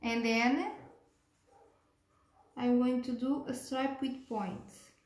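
A woman teaching a cake decorating tutorial step by step, gentle and unhurried, pausing with fillers and checking in with "okay?". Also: on the high side, steady tone, a little hiss or hum. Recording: echoey room.

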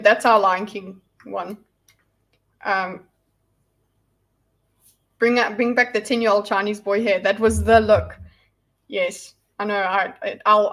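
A woman's voice: mid-range voice, fairly bright tone. A woman chatting casually on a livestream, rambling and restarting her sentences as she answers viewers.

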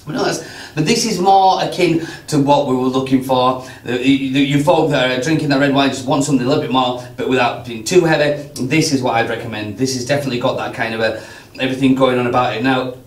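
A man's voice: medium pitch, fairly even intonation, quick pace. Guy chatting over wine, repeats himself a lot, kinda roomy and far off mic. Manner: chatty, repeats words while thinking, teasing. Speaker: wine show co-host. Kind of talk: casual wine tasting chat. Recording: roomy sound, mic at a distance.

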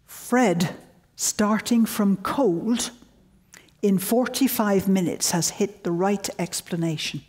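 A woman's voice: medium pitch, takes it slowly, husky. Older woman telling wry lecture anecdotes. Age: 70s. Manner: wry, storytelling, animated quotes. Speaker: guest lecturer.

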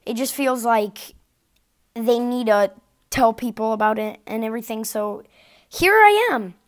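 A woman's voice: on the high side, expressive, unhurried. A woman YouTuber casually rambling to her viewers with plenty of hesitant fillers. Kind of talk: casual channel update.

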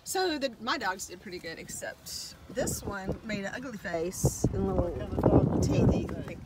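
A rambling, chatty middle-aged woman, vlogging in a relaxed, casual way. Her voice sits at an ordinary middle pitch. She drifts from topic to topic and often stops to talk to her dogs. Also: a little slow, noisy background. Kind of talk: casual chat.

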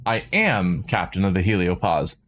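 A smug, smiling military commander, read by a man narrating a game in a low, proud, stubborn voice. He talks smoothly and never raises it, with faint noise behind. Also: very animated, normal speed, fairly bright tone.

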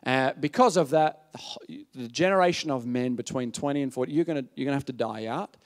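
A man preaching a sermon, telling a story in an animated way, acting out voices and often asking the audience "yeah?". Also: mid-range voice, fast.

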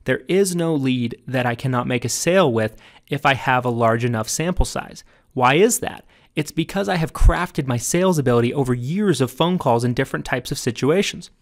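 A man reads his own sales training book aloud in an emphatic, coaching tone. His voice sits at a middle pitch and jumps higher whenever he drives home a key point. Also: expressive, moderate pace. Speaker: author narrating his own audiobook.

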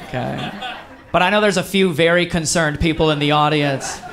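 Upbeat comedian telling a story. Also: male voice, fairly high pitch, moderate pace, a faint crowd. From Wisconsin. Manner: animated storytelling with acted voices. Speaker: stand-up comedian. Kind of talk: stand-up comedy set. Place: live comedy venue. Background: audience laughter.

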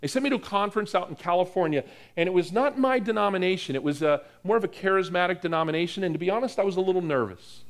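A man from the US East Coast preaching a sermon, telling a story in an animated way and acting out the dialogue in it. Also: high voice, rapid-fire. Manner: animated storyteller, acts out dialogue, repeats words. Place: church hall with live audience.

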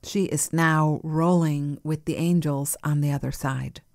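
Low mellow voiced lady doing a gentle podcast chat, soft nurturing vibe, some whispery bits. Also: fairly even intonation, unhurried, no echo, studio quality. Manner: soft, nurturing, laughs easily, drifts into whispers. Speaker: podcast host.

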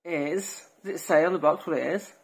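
A woman's voice: fairly low pitch, normal speed, slightly rough, low-quality recording. A middle-aged woman chatting cheerfully in a family vlog, presenting gifts with frequent giggles. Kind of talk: casual family vlog chat.

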